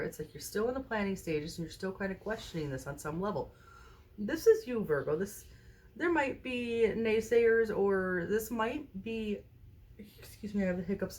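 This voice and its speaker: A woman doing a casual tarot reading to camera at a table indoors, recorded on a phone mounted high overhead, chatting and often checking in with the viewer. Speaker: tarot card reader.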